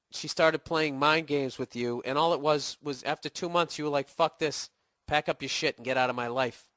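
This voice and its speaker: A man's voice: fairly bright tone, no room sound, clean studio sound. A middle-aged man with a Boston accent hosting a podcast, ranting profanely and sarcastically through a listener's email while he gets over a cold. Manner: sarcastic, mocking falsetto impressions. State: getting over a cold, voice cracking. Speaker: comedian podcast host answering listener email. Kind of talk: profane comedic advice rant.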